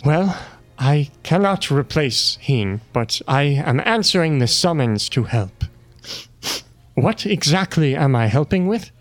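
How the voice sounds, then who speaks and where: A game master playing a gentle, earnest wanderer. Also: mid-range voice, lively intonation, no echo, faint music behind. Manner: slow, soothing, philosophical.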